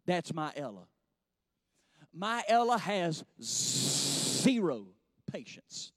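A man preaching in church, his voice sitting high and sounding dry and close. He tells homespun stories and builds into fervent, ringing passages. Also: sing-song, drawn-out words, fairly bright tone, no room sound. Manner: folksy storytelling, rising to fervent preaching. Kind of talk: sermon.

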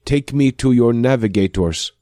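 A man doing a calm, formal alien. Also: medium pitch, no room sound, studio quality, pitched above the performer's own voice, lightly acted. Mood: measured. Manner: measured, stately phrasing.

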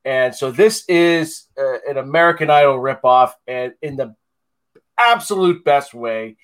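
Speaking a little slowly in a medium-pitched, slightly bright voice, a man co-hosts a podcast. The conversation is casual and meandering, full of filler words and regular laughs.

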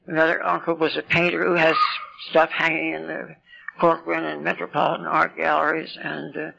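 An elderly woman in her eighties with a deeply gravelly voice and a bright, sharp edge tells her life story at a recovery meeting. She rambles and pokes fun at herself with wry asides. The sound is dull and lo-fi, like an old meeting tape. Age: 80s. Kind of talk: personal recovery story talk.

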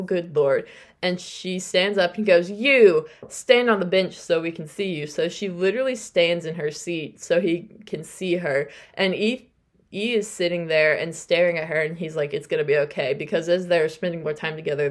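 A woman hosting a podcast, recapping a novel in a casual, chatty way, often correcting herself and quoting the characters. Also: on the low side. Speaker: podcast host.

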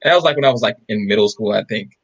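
A man's voice: fairly low pitch, very fast, husky, low-quality recording. A man co-hosting a podcast, telling stories in a casual chat and acting out the voices of the people he quotes. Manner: animated, acts out quoted voices. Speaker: podcast co-host.

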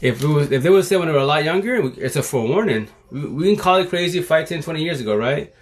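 A man's voice: fairly high pitch, lively intonation, fast talker. Streetwise man preaching on a livestream. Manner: streetwise slang, repetitive, preachy. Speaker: livestream host. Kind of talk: casual livestream monologue. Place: at home, live stream. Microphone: phone.

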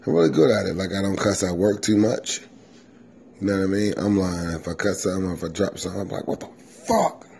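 Man, comedian, podcast host, low gravelly voice, cussing casual monologue, kitchen at home. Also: dark tone, a little hiss or hum. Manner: profane, loose and conversational, swears constantly. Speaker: comedian hosting his own podcast. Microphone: simple home setup, self-recorded.

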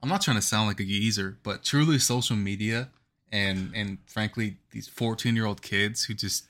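A young man in his twenties rants in casual podcast chat. His voice is a little low yet bright and forceful. He rambles and hammers his points with emphasis. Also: moderate pace. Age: 20s. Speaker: podcast co-host.

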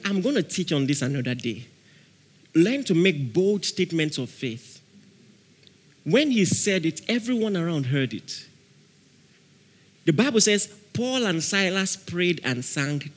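A man preaching with a bright, high-pitched, very lively voice. He acts out voices in his stories and shouts example prayers. His voice rings through a hall with long reverb. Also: a little slow. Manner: animated preaching, acting out quotes, laughing, shouting prayers. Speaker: pastor. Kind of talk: sermon.

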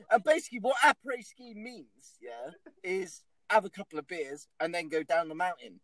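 High-voiced sweary bloke. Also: male voice, animated, moderate pace, few pauses, a bit bright, dry recording, rough recording. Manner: swears freely, tells rambling anecdotes. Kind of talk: casual chat.

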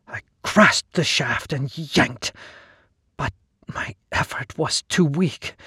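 Male storyteller, scripted narration, measured and solemn, slow pace, dry close sound. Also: medium pitch, no room sound. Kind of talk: scripted first-person narration.

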